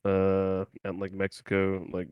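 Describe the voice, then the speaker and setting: A low-pitched man in casual podcast chat, spinning a crude, rambling anecdote in slangy asides. The sound is dry and close, with no room around it. He drifts quieter and lower as the story runs on. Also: completely flat delivery, normal speed, clear, resonant tone, dry recording, muffled recording. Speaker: podcast co-host.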